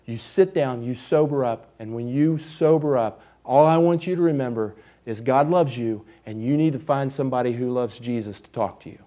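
A middle-aged man preaching a sermon, telling a personal story with emphatic, storytelling delivery that drops to quiet intensity. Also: mid-range voice, normal speed, few pauses. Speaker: pastor.

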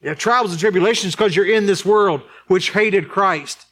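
Male pastor, sermon delivery, higher-pitched voice, rhetorical questions, emphatic swings from urgent to hushed. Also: moderate pace. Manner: emphatic, rising to high urgent peaks then dropping low and quiet; addresses the congregation with rhetorical questions.

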